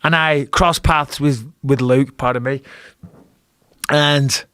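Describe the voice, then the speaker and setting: A man's voice: medium pitch, fairly even intonation, slow, pushed and bright, clear, resonant tone, no room sound. A middle-aged man from England with an English accent, telling a fight story in casual talk, swearing and acting out his own lines. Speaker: guest, retired fighter.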